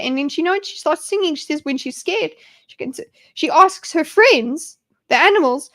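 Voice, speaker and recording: High-voiced young woman rambling on a stream. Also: expressive, normal speed. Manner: rambling and enthusiastic, many restarts. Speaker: streamer hosting a live discussion. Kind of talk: casual live-stream commentary.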